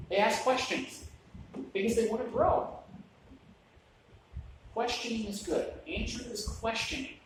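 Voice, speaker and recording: A man's voice: very high voice, unhurried, long pauses, slight background noise. A man giving a conversational sermon in a church, chatty, with joking asides and restarts. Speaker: preacher. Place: church sanctuary. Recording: very echoey church room, mic at a distance.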